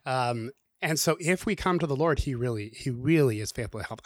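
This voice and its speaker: A man's voice: medium pitch, lively intonation, a little fast, no echo, clean studio sound. A man encouraging listeners with advice in a casual, lightly joking podcast conversation.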